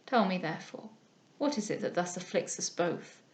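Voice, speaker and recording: A woman reading aloud, voicing an elderly male guardian who speaks softly, mildly and solemnly. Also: lowish voice, animated, moderate pace, voice pushed down, natural voice. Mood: grave. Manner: soft, mild, solemn speech.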